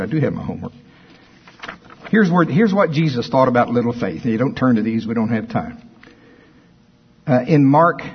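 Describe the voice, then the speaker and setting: A male preacher delivering an animated sermon, swinging from quiet asides to loud scripture quotes. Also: on the high side, breathy edge, highs cut off.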